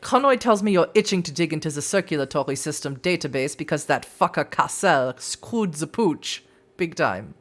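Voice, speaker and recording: A woman's voice: deep voice, lively intonation, normal speed. A woman voicing a sneering, contemptuous male vampire info broker in a put-on German accent, swearing and barking orders. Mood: scornful.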